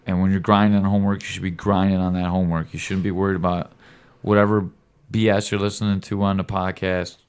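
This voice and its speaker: A man's voice: deep voice, little pitch movement, fast, smooth. A man, a podcast host, giving his son a rambling, earnest fatherly lecture in casual talk, often checking in with "right?". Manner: lecturing, occasional cussing.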